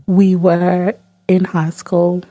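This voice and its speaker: A woman's voice: fairly low pitch, flat delivery, drawn-out words, warm tone, dry recording, highs cut off. A young woman co-hosting a podcast in casual chat, playful and teasing. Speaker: podcast co-host.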